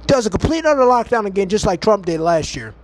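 A man's voice: sits high, sing-song, quick pace. A man hosting a podcast, delivering a heated, mocking and profane ranting monologue from home. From United States. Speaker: podcast host.

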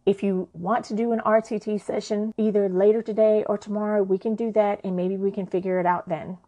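A woman voicing a patient adult woman friend who talks calmly and reassuringly. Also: medium pitch, fairly quick, natural voice. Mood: calm, soothing. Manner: calm and reassuring.

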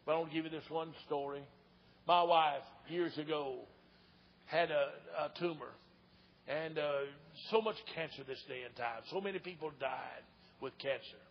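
An older man preaching an old-time revival sermon as an evangelist, fervent and folksy, sometimes shouting and hollering. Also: on the high side, moderate pace. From Tennessee. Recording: dull old recording with long hall reverb.

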